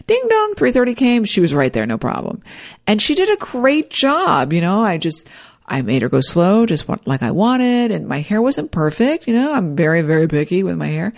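A woman with a lowish voice tells a personal story in a casual, rambling way. Her pitch swings widely, and she often restarts her sentences. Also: moderate pace. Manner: animated, acts out quoted dialogue.

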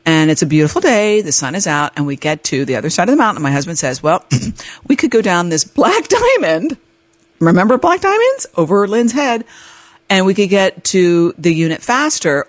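A woman hosts her own podcast and tells a personal story with a very lively, bouncing pitch. She acts out the voices in the story and laughs often. The recording is dry and close, with no room sound. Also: dry recording. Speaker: podcast host. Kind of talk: storytelling monologue.

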